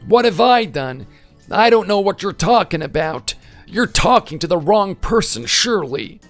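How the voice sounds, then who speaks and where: A man's voice: high-pitched, big pitch swings, moderate pace, a bit bright, faint music behind, pitched above the performer's own voice, exaggerated voice. A man voicing an aggrieved older father-in-law in a voice-acted text story, talking in a plaintive, self-pitying way. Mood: wounded.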